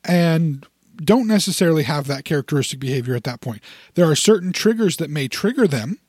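A fairly high-pitched man talks through an idea in a relaxed podcast chat. He restarts his phrases, repeats words and builds everyday scenarios to make his point. The sound is dry and close, with no room around it. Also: a little fast, slightly rough, no room sound. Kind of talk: casual explanatory chat.

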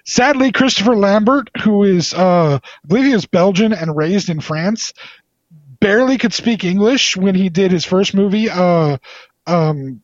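A high-pitched man speaks at a measured pace while rambling happily about films in a casual chat, teasing playfully as he goes. The recording is dry but slightly dull and lo-fi.

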